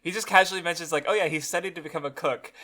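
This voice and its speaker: A man in a casual book discussion who talks haltingly, with many pauses and fillers, and laughs along. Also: on the high side, sharp tone. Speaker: podcast co-host.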